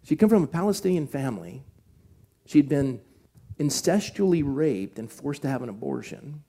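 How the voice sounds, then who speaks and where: Male pastor, mellow tone, earnest sermon storytelling, slows to hushed emphasis for key points. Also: mid-range voice, creaky. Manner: earnest, shifts from animated retelling to slow hushed emphasis. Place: church.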